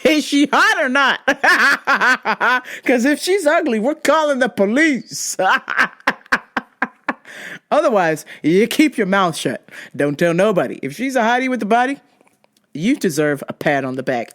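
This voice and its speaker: A woman hosting a comedy podcast, swearing freely and laughing often as she tells stories. Her pitch jumps around a lot while she acts out both sides of each exchange. Her tone stays casual and animated. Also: measured pace. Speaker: podcast host.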